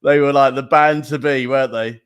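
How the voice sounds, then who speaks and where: A man's voice: medium pitch, fairly even intonation, fairly quick, smooth. A man hosting a live interview show, chatty and upbeat, laughing easily. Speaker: host.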